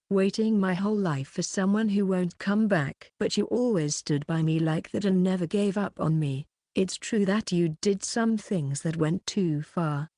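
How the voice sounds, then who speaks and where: A young man apologizes earnestly, full of remorse, as a woman narrator reads his part. The voice sits a little low and plain. The sound is dry and close. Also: dark tone, no room sound, lightly acted.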